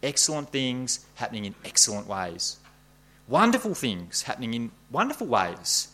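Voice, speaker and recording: Bright-voiced preacher, emphatic delivery. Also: male voice, moderate pace. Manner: expressive, emphatic preaching with big pitch swings. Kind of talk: sermon.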